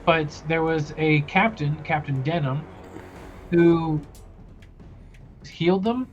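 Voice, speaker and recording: A young man recapping a tabletop campaign as game master, loose and rambling with many pauses. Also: fairly high pitch, muffled recording, soft background music.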